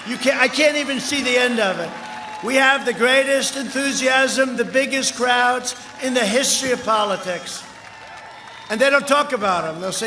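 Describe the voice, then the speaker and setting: An older man giving a campaign rally speech outdoors, boastful and rambling, with punchy repetitions, heard through a loudspeaker. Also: very high-pitched, moderate pace. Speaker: political candidate. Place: outdoor rally before a large crowd. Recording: echoey outdoor PA with crowd noise.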